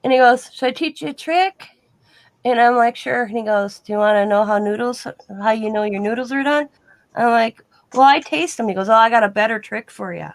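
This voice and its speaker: A woman with a slightly high voice tells long, meandering stories in a casual live chat. She acts out the back-and-forth dialogue in her own voice, and the recording is dry and close, with no room sound. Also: fairly quick, no room sound. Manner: rambling, acts out quoted dialogue in plain voice. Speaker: guest in a live online chat.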